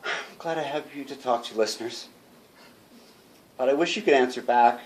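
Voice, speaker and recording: A man's voice: medium pitch, moderate pace, lightly acted. A man performing a jittery radio announcer who chatters nervously to his listeners and laughs to himself, read live before an audience in a bookstore. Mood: nervous, chatty. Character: jittery male radio announcer alone in a haunted house. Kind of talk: live reading of a one-man radio play.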